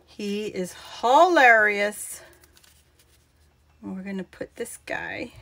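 A woman's voice: medium pitch, lively intonation, slow, creaky, pushed and bright. A woman hosting a live craft stream, chatting casually, laughing often and greeting viewers by name. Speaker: crafting channel host.

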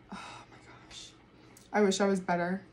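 A woman doing a casual tarot reading to camera, excitable, swearing freely and laughing often. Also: medium pitch, a little hiss or hum. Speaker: tarot reader.

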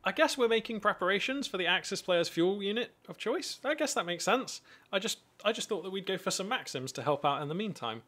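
A man giving animated live commentary on a strategy game from a home streaming setup, thinking aloud with frequent restarts. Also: sits high, a little fast, hardly any pauses.

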